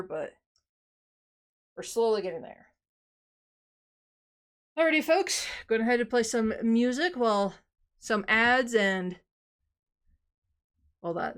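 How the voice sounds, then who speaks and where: A woman's voice: mid-range voice, fairly bright tone. A woman streamer chatting casually after a workout, tired and out of breath, rambling and sighing often. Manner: rambling, self-deprecating, sighs often. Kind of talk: casual live-stream chat.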